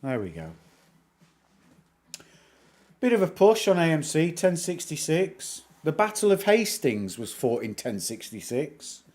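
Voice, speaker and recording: A man's voice: fairly high pitch, huge pitch swings, a little slow, long pauses, a little mellow. A middle-aged Northern English man hosting a livestream, chatting in a rambling, joking way with music playing behind him. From England. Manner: chatty, rambling, self-mocking jokes. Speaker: livestream host. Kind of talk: casual livestream chat. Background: background music.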